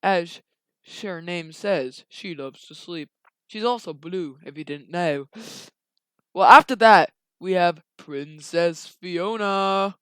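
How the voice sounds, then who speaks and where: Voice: medium pitch, slow pace, fairly bright tone, smooth, no room sound. A young storyteller voicing a polite magic mirror that stammers and hedges before every answer. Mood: hesitant. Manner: hesitant, fumbling and deferential. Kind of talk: improvised storytelling while drawing.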